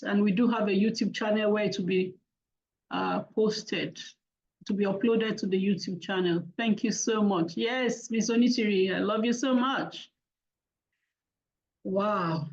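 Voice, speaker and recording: A woman hosting an online talk, warmly thanking attendees one by one by name over a video call. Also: a little high. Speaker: host of an online money talk. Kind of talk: casual thank-yous and roll-call at the close of a video call. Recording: dull lo-fi video call audio.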